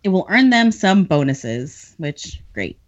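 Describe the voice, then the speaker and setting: A woman hosts a book podcast, running through plot points in a chatty, laughing way. Her middle-pitched voice moves up and down a lot. The recording is dull and lo-fi. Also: big pitch swings, takes it slowly. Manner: chatty, laughs often between lines. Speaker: podcast host summarizing chapters. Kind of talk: casual book recap.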